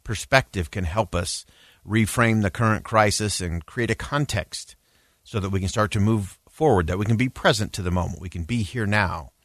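Earnest low-voiced man giving a public address. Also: fairly bright tone, no room sound, studio quality. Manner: measured and emphatic, with frequent "uh" fillers. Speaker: public speaker on a news broadcast.

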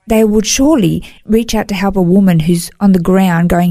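A woman recounts her life in an interview, speaking earnestly and emotionally. Her voice is warm and mellow, recorded close and dry with no room sound, and she often stops to restart a phrase. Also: medium pitch, normal speed, dry recording. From Australia. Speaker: interview guest. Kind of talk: personal testimony in a podcast interview.

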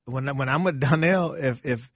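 A man who is a comedian, talking as a guest on a studio show, easygoing and quick to laugh. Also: medium pitch, fairly bright tone, dry recording. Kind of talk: casual studio interview.

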